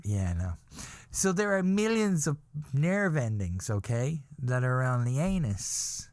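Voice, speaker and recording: A man's voice: mid-range voice, sing-song, a little slow, darkish tone, dry recording, studio quality. A man hosting a podcast, telling a rambling comic story about himself and often laughing at his own words. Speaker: podcast host.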